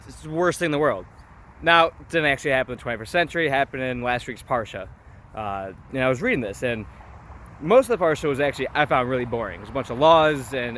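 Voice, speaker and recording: A man's voice: mid-range voice, sharp tone. A young man in his twenties, talking casually about scripture in a chatty, informal way that keeps checking in with the listener. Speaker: vlogger. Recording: street traffic noise behind.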